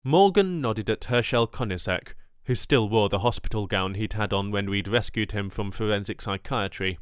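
A man narrating a first-person story in a measured audiobook delivery. His voice is low and smooth, and the recording is dry and close. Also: no room sound.

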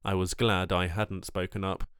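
A man reading a first-person story in measured audiobook narration, close to the mic. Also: low-pitched, little pitch movement, fairly bright tone, clear, resonant tone, dry recording.

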